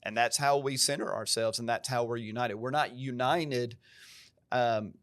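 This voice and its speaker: A man's voice: medium pitch, steady tone, moderate pace, no room sound, studio quality. A male pastor with an American country twang, talking earnestly and emphatically on a podcast in a preacher-like way. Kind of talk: podcast conversation.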